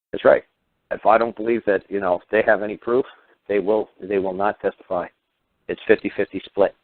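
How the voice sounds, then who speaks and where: A man's voice: sits low, no echo. A man hosting a radio show, ranting heatedly and firing off sarcastic rhetorical questions with some swearing. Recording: tinny phone-line radio audio.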